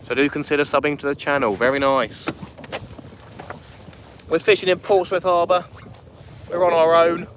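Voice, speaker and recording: A man's voice: on the high side, level tone, moderate pace, long pauses, fairly bright tone. Chatty man on a windy boat. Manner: chatty, greets viewers by name. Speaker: fishing channel host. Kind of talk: live-streamed fishing chat. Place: small inflatable boat on a harbour at night, outdoors. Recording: wind noise on an open boat. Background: wind and water.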